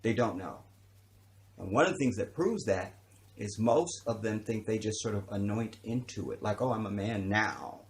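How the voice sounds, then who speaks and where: A man's voice: fairly low pitch, moderate pace, darkish tone. A man hosting a livestream, talking emphatically about a topic and repeating his points for stress. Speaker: livestream host. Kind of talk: livestream commentary.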